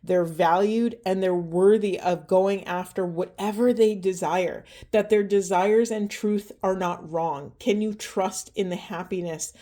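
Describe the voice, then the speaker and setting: A woman giving a spiritual card reading in an earnest, emotional way, asking gentle questions, her voice going hoarse. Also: medium pitch, steady tone, a little slow, hardly any pauses. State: losing her voice. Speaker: tarot and oracle reader.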